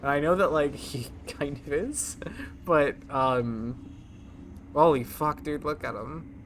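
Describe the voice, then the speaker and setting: A young man streaming a video game, chatting casually in an excitable, profane way and laughing often. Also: on the high side, slow pace, a little hiss or hum. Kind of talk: casual gameplay chat.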